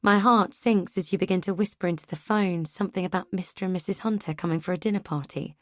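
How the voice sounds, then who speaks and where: A woman narrating an audiobook in a measured, even reading. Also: lowish voice, dry recording, studio quality. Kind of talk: scripted narration.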